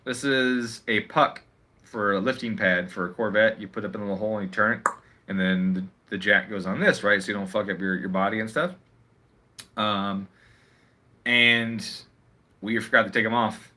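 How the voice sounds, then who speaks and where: A man's voice: lowish voice, steady tone, moderate pace, bright, forceful tone. A man ranting casually on a livestream at home, swearing often and sounding sarcastic as he rambles. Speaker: live streamer.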